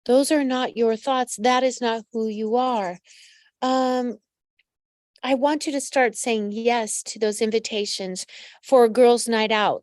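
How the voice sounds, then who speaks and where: A woman's voice: on the high side, a little mellow, no room sound. A woman psychic medium hosting a live astrology reading, giving direct advice and calling her listeners pet names.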